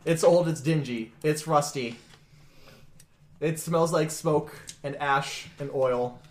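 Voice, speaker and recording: A man's voice: on the high side, takes it slowly, a little mellow. A man running a tabletop game as game master, narrating in a laid-back way with chuckles and sound effects. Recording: echoey room.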